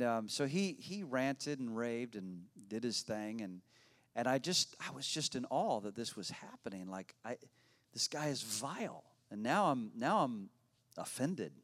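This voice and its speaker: A man, a pastor telling a personal story in a sermon, talking conversationally, often repeating his words and laughing. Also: mid-range voice.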